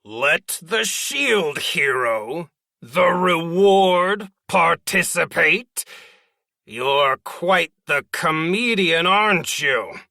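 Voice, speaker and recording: A man voicing an arrogant, regal, lion-like beastman noble who talks in a slow, booming sneer. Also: lively intonation, vocal fry, bright, forceful tone, no room sound, clean studio sound, exaggerated voice. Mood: sarcastic.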